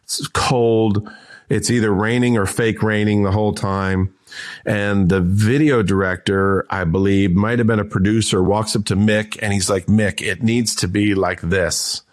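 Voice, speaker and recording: A man in his fifties, a guest on an interview, telling anecdotes in a lively, restart-heavy way. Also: fairly low pitch, normal speed. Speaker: guest, entrepreneur and author. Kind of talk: casual interview storytelling.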